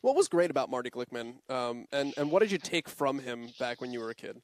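A man's voice: medium pitch, big pitch swings, brisk. A man hosting a podcast, asking brief, casual interview questions. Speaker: podcast host.

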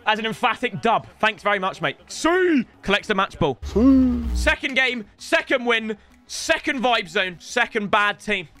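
Rowdy high-pitched gaming commentator. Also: male voice, very animated, measured pace, soft background music. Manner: loud, joking, swears, puts on silly voices. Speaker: gaming YouTuber. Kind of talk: energetic gameplay commentary.

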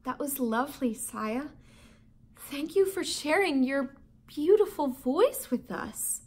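A woman voicing a kind but firm female schoolteacher in a storybook, with a measured, teacherly manner. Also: high voice, animated, darkish tone. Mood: gentle.

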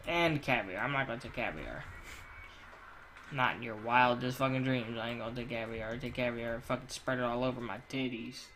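Male gamer, mid-pitched, crude and swearing constantly, rants and jokes over play, faint background noise. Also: brisk, pushed and bright. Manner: profane, ranting and crude joking. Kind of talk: let's play commentary.

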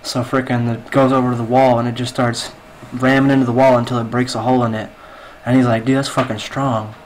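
A man's voice: medium pitch, level tone, quick pace, a little hiss or hum, rough recording. A man telling a long dirty joke in game voice chat, rambling with lots of fillers, on a headset mic. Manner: rambling, filler-heavy storytelling. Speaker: game player.

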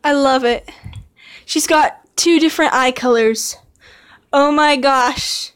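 A woman filming an unboxing vlog, gushing and excitable, talking to her viewers while tired late at night. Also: high-pitched, takes it slowly. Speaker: vlogger unboxing a model horse.

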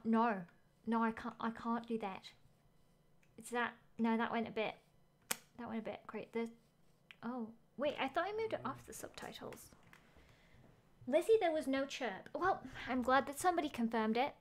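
A woman game streamer chatting casually as she plays, thinking aloud, gasping at finds and reading chat messages. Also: high voice.

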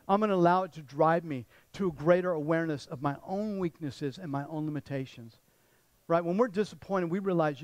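A man's voice: fairly high pitch, brisk, a little mellow, dry recording, low-quality recording. A man pastor giving a conversational sermon, often repeating words and restarting sentences.

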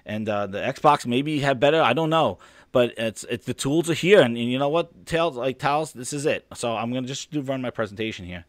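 A man hosts a gaming stream in a brisk, mid-range voice, recorded on a studio-quality microphone with no room sound. It's a casual gaming podcast rant, rambling and sarcastic, with plenty of profanity.

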